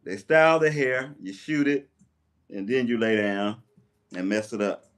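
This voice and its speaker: A man chatting casually on a livestream while he takes down his hair, telling stories with lively quoted voices. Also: medium pitch, measured pace, smooth. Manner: chatty, animated storyteller with playful voices in quotes. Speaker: live streamer. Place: at home doing his hair. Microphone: tablet mic.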